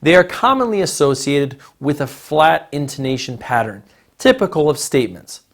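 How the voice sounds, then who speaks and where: A man teaching an English lesson in a recorded narration, modeling intonation patterns in a slow, deliberate way. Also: fairly high pitch, sing-song.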